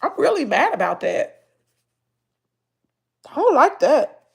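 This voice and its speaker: Casting: middle-aged woman, Southern accent, tearful and heartfelt, slightly high, raspy fry. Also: big pitch swings, slow. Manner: tearful, heartfelt, talking straight to viewers. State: crying, nose stuffed up. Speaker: family vlogger. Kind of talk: emotional livestream talk to viewers.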